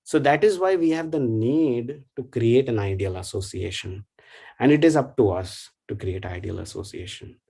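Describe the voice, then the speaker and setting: A man giving a devotional class talk in a thoughtful, halting way, with frequent fillers and tag questions. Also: mid-range voice, lively intonation, creaky, mellow, husky. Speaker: devotional speaker.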